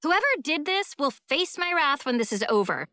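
A woman voicing a sharp-tongued teenage girl guitarist who scowls and threatens, in an audiobook. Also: high voice, sing-song, moderate pace, no room sound, studio quality, pitched above the performer's own voice, heavily acted. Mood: defiant.

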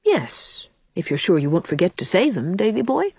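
Woman reading as a gently earnest young woman. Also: on the low side, big pitch swings, normal speed, breathy edge, no room sound, exaggerated voice. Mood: gentle.

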